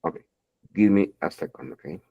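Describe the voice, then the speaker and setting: A man's voice: low-pitched, fairly quick, gravelly, warm tone, dull audio. A man teaching an online English grammar lesson, often checking in with "okay?" and repeating words as he explains. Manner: keeps checking in with "okay?", repeats words, addresses students fondly.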